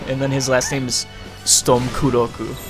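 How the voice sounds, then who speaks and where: A man's voice: mid-range voice, moderate pace. A young man co-hosting a game livestream, chatting casually, rambling with lots of fillers and the odd swear. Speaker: livestream co-host. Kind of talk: casual chat during a game stream. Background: game music.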